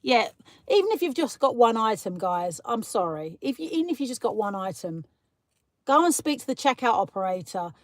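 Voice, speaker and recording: A woman's voice: on the high side, very animated, brisk, no echo. A British woman hosting a casual live stream, chatting and ranting as she answers viewer comments. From Britain. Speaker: livestream host.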